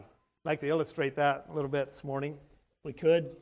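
A man preaching a sermon in a church service, often restarting and repeating his words and clearing his throat. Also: fairly high pitch, little pitch movement, brisk, a little mellow.

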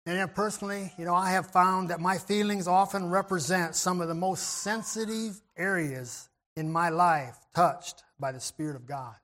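High-voiced man preaching a gentle sermon. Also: fairly even intonation, moderate pace, few pauses. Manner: gentle, reflective, with frequent throat clearing and restarts.

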